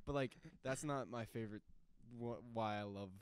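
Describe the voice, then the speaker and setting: A man's voice: lowish voice, normal speed, smooth, dry recording. A young man in casual podcast chat, rambling with lots of fillers and acting out quotes from a movie he describes. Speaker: podcast host.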